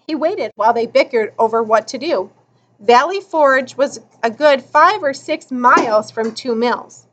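Slow, lively woman narrator. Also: high-pitched, dull audio. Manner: expressive, deliberate. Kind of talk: audiobook narration.

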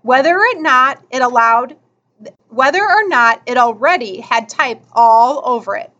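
A woman reading a children's story aloud in an expressive storytelling style. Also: a little high, measured pace. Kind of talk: children's book read aloud. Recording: slightly muffled recording.

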